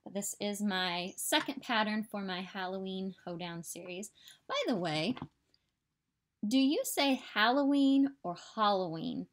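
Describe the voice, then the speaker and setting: A woman's voice: mid-range voice, measured pace. Chatty upbeat Midwestern woman. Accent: Midwestern American. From southern Illinois, US. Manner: chatty and upbeat, rambling asides. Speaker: stitching vlogger. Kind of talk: casual chat. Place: home.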